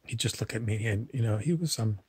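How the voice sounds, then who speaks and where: A man's voice: on the low side, brisk, no room sound. A man telling meandering, digressive stories in a casual monologue to camera. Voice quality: husky.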